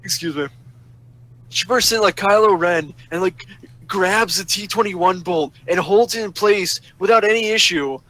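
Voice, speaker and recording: A man's voice: high voice, normal speed, sharp tone, poor audio. A man telling an exasperated, profanity-laden rant over a voice chat microphone. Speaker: voice chat participant. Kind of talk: ranting story on a voice call.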